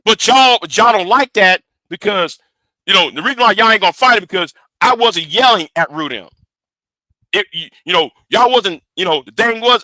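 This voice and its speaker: A man's voice: high-pitched, animated, moderate pace, bright, forceful tone, no room sound. A man hosting a livestream, giving heated commentary in an emphatic, profane way and repeating words when he gets worked up. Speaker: livestream host.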